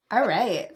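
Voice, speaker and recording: A woman co-hosting a podcast in casual chat, talking in quick, animated bursts as she reflects. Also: a little high. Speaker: podcast co-host.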